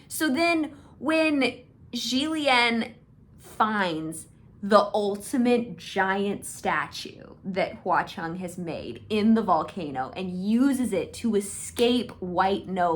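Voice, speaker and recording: A young woman gushing in a casual fan rant. She is excitable and swears freely. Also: fairly high pitch. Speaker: video creator.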